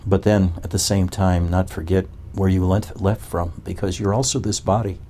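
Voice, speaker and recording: A man's voice: sits low, fairly even intonation, normal speed, mellow, a little hiss or hum. A man as a spiritual teacher, giving a talk to a gathering and asking one probing rhetorical question after another.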